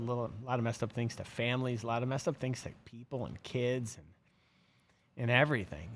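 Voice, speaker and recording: A man's voice: medium pitch, a little hiss or hum. A middle-aged man hosting a live show from his office, chatting casually with lots of fillers and restarts. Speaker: host of a live fishing subscription show. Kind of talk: casual live-stream chat.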